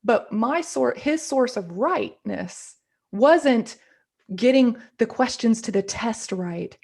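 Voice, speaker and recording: A woman's voice: fairly high pitch, lively intonation, takes it slowly, vocal fry, a little mellow, husky. A woman guest in a casual interview, talking in an earnest, reflective way and often repeating words as she thinks.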